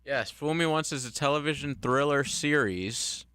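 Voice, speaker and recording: A man's voice: a little high, normal speed, bright, forceful tone, clear, resonant tone, dry recording. A man co-hosting a sports radio show, chiming in with dry, wry remarks. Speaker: radio co-host. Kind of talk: casual radio chat. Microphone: studio microphone.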